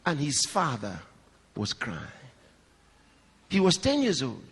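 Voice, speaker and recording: A male pastor preaching a sermon to a live congregation, swinging between raised, high emphasis and hushed, low storytelling, and putting questions and asides to the audience. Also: wildly swooping pitch, slow, long pauses, slightly rough. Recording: long hall reverb.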